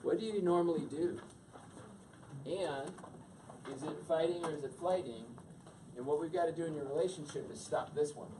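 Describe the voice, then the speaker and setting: A man's voice: a little high, moderate pace, pauses often. A man giving a couples' workshop talk, speaking conversationally and quizzing his audience. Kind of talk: teaching a couples' class. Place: meeting room with an audience. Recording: distant mic with background noise.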